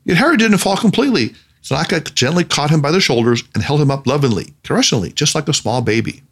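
Male narrator for a storybook, lively pitch, measured delivery. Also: husky.

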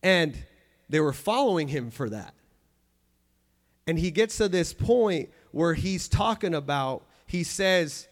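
A man's voice: fairly high pitch, lively intonation, slow. A man preaching a sermon in church, earnest and emphatic, often restarting and repeating phrases.

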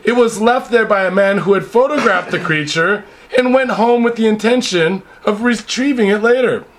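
A man's voice: high-pitched, moderate pace, slight background noise. A man co-hosting a crude, joking podcast, reading news headlines aloud and riffing on them. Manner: crude, joking, reads headlines then riffs. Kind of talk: casual comedic podcast chat. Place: Japan.

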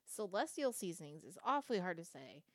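A woman's voice: lowish voice, very animated, brisk. A woman podcast host reading a company history aloud, breaking off for casual, wry asides and the odd swear word. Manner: conversational, swearing, wry asides between read passages. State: has the hiccups.

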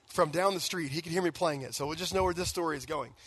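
A man with a fairly high voice preaches in a relaxed, conversational way, telling personal stories with lots of casual fillers. The sound is close and dry, with almost no room echo. He sounds like a man in his thirties. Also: fast, breathy edge. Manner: conversational, animated storytelling with fillers. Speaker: guest pastor.

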